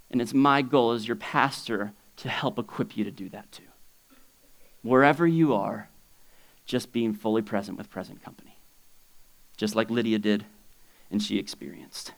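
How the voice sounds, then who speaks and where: A male pastor preaches a sermon conversationally and at a measured pace, pausing often. He shifts between loud, high exclamations and quiet, low asides, frequently chuckling between points.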